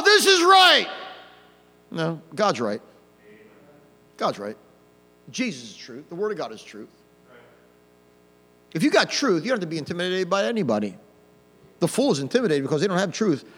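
Pastor, hellfire sermon, mocking asides; high, animated voice, big hall reverb. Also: male voice. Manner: swings from quiet to loud, mocking asides. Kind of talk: old-fashioned hellfire sermon.

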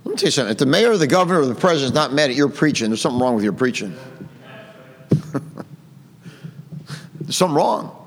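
A man's voice: mid-range voice, very animated, very fast, long reverb tail. A man preaching a sermon, reading King James verses aloud and commenting on them with emphasis.

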